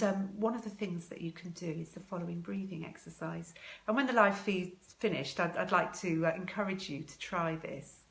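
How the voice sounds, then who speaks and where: Brief: woman, low voice, calm and measured, coaching parents through breathing, echoey room. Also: creaky. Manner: calm, slow and measured, with many ums. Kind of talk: live video talk guiding a breathing exercise.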